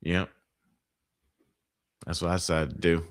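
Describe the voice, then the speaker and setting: A man's voice: low voice, level tone, measured pace, no room sound. A man hosting a podcast live watch party, chatting casually and profanely, groaning and laughing at gory scenes. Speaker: podcast host.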